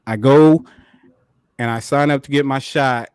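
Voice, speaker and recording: A man co-hosting a podcast, telling a story in a casual, animated way, full of profanity and quick laughs. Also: mid-range voice, smooth, no room sound, studio quality. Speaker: podcast co-host.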